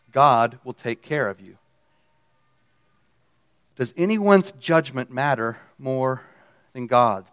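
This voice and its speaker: A man preaching a sermon, pressing key phrases with emphasis and letting his voice drop low at the ends of lines. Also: fairly bright tone, clear, resonant tone.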